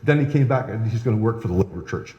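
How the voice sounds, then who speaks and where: A man's voice: lowish voice, expressive, quick pace, muffled recording. Man lecturing history in an echoey hall. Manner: conversational, often adds "right?" and "um". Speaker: historian giving a public talk. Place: historical society lecture room. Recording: echoey hall, long reverb.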